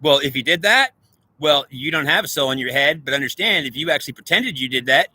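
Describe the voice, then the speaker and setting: Fast, preachy man ranting. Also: a little high, animated, sharp tone, breathy edge, dry recording. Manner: preachy, agitated, repetitive. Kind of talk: ranting monologue.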